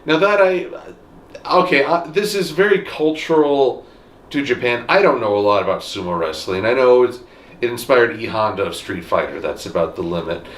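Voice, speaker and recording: A man co-hosting a casual podcast chat, animated and jokey. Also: normal speed, roomy sound. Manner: animated, jokey, swings pitch widely. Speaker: podcast co-host.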